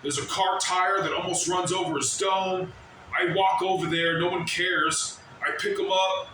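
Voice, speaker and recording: High, bright-voiced man ranting in an echoey space. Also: level tone, a little slow, far from the mic, slight background noise. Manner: swearing, rambling, mimics shouts of others. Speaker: vlogger. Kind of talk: casual rant to camera. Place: at work. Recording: very echoey, from off the mic.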